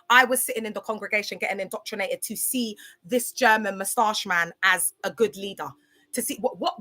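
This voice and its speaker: A woman talks bluntly on a casual livestream. Her voice sits fairly high and sounds bright and forceful. She repeats herself a lot and keeps calling out to viewers by name.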